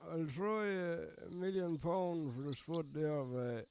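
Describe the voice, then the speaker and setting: A man putting on an Irish accent, voicing a brash, crude Irishman who haggles in a slow, gruff drawl. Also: a little high, darkish tone, voice pushed up, natural voice. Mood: mocking. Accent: put-on Irish.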